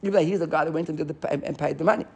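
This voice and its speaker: A man teaching a Talmud class, animated and often restarting as he explains. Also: fairly high pitch, rapid-fire, vocal fry, husky. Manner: animated, restarts often, mixes Hebrew and Aramaic terms.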